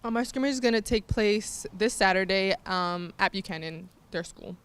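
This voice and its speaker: A teenage girl student leader answers interview questions with hesitant pauses and frequent ums. Her voice is clear and mid-pitched. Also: fairly bright tone. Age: teens. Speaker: mock trial leader.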